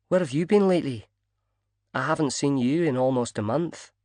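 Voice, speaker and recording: A woman's voice: extremely low pitch, normal speed, warm tone, dry recording. A man reading a flirtatious, teasing woman in an audiobook. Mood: flirty. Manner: teasing, breezy. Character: flirty worldly woman, club regular.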